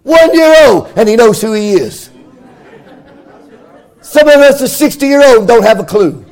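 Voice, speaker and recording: A middle-aged pastor, preaching a fervent sermon in a sing-song cadence that swells into shouts. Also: male voice, extremely high pitch, lively intonation, normal speed, some chatter behind.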